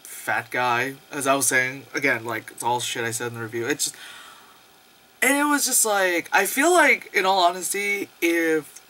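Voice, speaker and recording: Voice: mid-range voice, moderate pace, pushed and bright. A young adult movie reviewer giving a casual, profane, sarcastic rant and laughing often.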